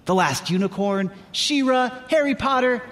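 A man's voice: extremely high pitch, animated, moderate pace, a bit bright, big-room sound. A man voicing a vain unicorn who gives a theatrical, boastful award acceptance speech. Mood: gushing.

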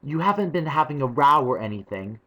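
Awkward young brother voiced by a man, higher voice, gruff but gentle, storybook. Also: big pitch swings, fairly quick, exaggerated voice. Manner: raised boyish tone, clumsy comforting.

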